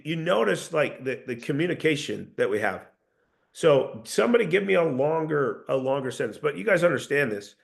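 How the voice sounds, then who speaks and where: Gravelly-voiced man coaching a sales team. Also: fairly high pitch. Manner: earnest, coaching, with frequent restarts. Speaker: sales trainer. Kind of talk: casual sales coaching talk to a group.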